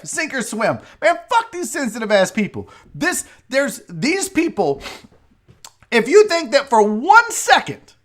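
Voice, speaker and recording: A man's voice: extremely high pitch, a bit bright. A man hosting a casual live-stream show, ranting with profanity while a bit tipsy from drinking. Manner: profane, rambling rants. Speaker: show host.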